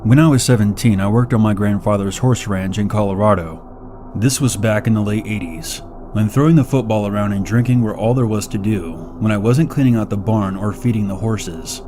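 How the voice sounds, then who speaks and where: A man reading first-person horror stories as scripted narration, measured and slowing down on the eerie details. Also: lowish voice, mellow, soft background music.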